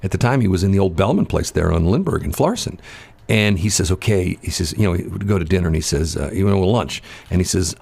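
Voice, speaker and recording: Deep-voiced rambling radio host. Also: male voice, animated, a little fast, gravelly, darkish tone, husky. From St. Louis area, Missouri. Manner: rambling storyteller, laughs often. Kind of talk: casual morning radio chat.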